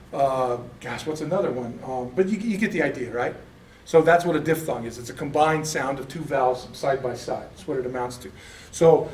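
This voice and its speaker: Male teacher, chatty and self-correcting, slightly high voice, recorded off-mic in an echoey classroom. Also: a little hiss or hum. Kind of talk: casual classroom lecture. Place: church classroom. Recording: echoey room, mic at a distance.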